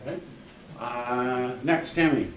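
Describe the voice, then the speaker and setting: A man's voice: mid-range voice, takes it slowly, distant mic. A male teacher in a classroom, patiently explaining step by step and calling on students. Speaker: Hebrew teacher. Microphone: room mic from a distance. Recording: echoey classroom, recorded from afar, faint hum.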